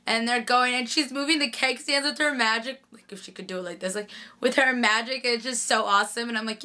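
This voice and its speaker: A woman's voice: a little high, fairly even intonation, a little fast, sharp tone. A young woman chatting casually through a TV episode recap, gushing and full of "like". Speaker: TV recap vlogger.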